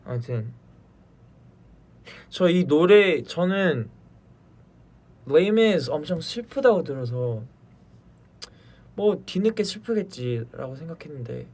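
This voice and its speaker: A man's voice: a little high, animated, rapid-fire, pauses often, darkish tone. Chatty young man on a livestream. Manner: chatty and easygoing, thinking aloud. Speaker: idol livestream host. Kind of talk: casual livestream chat between songs.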